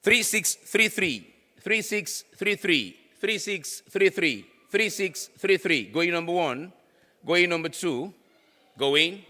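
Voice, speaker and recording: Joking raffle emcee in echoey hall. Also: male voice, sits high, lively intonation, takes it slowly, bright, forceful tone. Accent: Nigerian. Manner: teasing, repeats ticket numbers in a singsong. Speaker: raffle draw host. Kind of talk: playful event emcee. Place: conference hall. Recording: echoey hall with long reverb.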